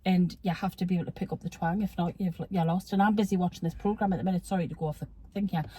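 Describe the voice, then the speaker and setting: A middle-aged woman with a Geordie accent chats with her daughter in a relaxed, storytelling way. She talks easily and wanders from one anecdote to the next. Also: fairly low pitch, rapid-fire, breathy edge. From Newcastle, England. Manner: chatty, storytelling. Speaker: guest, the host's mother. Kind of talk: casual chat.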